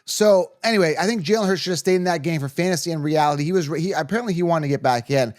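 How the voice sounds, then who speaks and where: Blunt, opinionated sports host, slightly high voice. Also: male voice, fast talker, a little mellow. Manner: blunt and opinionated, with frequent "okay?" and "right?" check-ins. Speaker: fantasy football show host. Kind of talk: casual sports commentary to camera.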